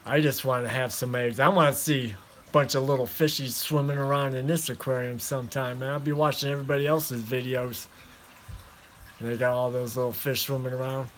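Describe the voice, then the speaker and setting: A man chatting casually to viewers about his fish in a relaxed, rambling way, talking into a phone and calling everyone man and dude. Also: mid-range voice, fairly quick, slight background noise. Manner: laid-back, rambling, calls listeners man and dude. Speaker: aquarium hobbyist vlogger.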